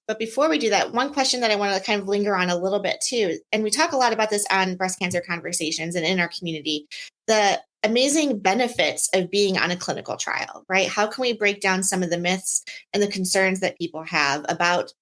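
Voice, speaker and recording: A woman's voice: mid-range voice, fast, a bit bright. Upbeat woman podcast host. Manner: upbeat, encouraging. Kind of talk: interview.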